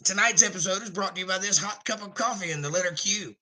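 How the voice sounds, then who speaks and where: A man's voice: high voice, fast, pushed and bright, rough recording. A man hosting a casual live stream, reading chat comments aloud in a jokey, rambling way.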